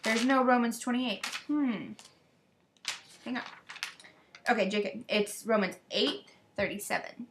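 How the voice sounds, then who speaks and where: A woman's voice: on the high side, a little slow, pauses often, noisy background. Teenage girl, casual webcam chat; rambling, gossipy, venting to a friend. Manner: rambling, gossipy, quotes others in exasperated voices. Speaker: vlogger sending a video message to a friend. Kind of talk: casual chatty video message.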